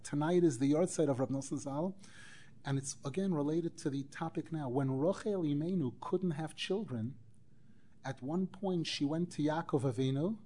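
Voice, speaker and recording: A man teaching a Torah class as a rabbi, animated, acting out quoted dialogue and weaving in Hebrew phrases. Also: a little high. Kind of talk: Torah lecture.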